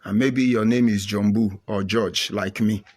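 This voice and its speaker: A man's voice: on the low side, fairly even intonation, unhurried, darkish tone. A middle-aged man with a Nigerian accent, giving an impassioned, preachy monologue to viewers. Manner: emphatic, repetitive, preachy. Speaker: commentator.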